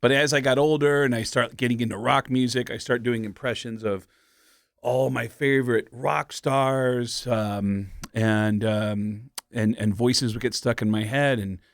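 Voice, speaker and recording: A man's voice: mid-range voice, steady tone, measured pace, creaky, no echo, studio quality. A middle-aged man, a comedian and impressionist, telling stories in a loose, casual way with plenty of fillers. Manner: loose storytelling with frequent fillers and laughs. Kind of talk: casual interview chat.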